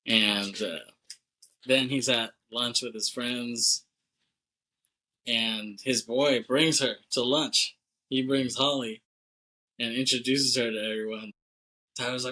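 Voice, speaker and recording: Bright-voiced young man recapping a movie. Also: medium pitch, steady tone, takes it slowly, long pauses, low-quality recording. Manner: loose and profane, acts out characters' lines with laughs. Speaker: podcast co-host. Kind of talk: casual chat recapping a movie.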